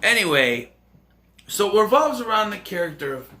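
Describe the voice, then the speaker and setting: A man rambling excitably and jokingly through a casual movie review. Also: high-pitched, moderate pace.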